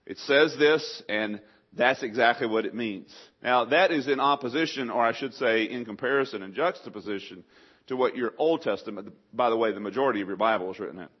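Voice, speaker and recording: A middle-aged male pastor preaching a sermon, animated, with sudden loud acted outbursts. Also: medium pitch, fairly quick, breathy edge. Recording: slightly dull lo-fi sound.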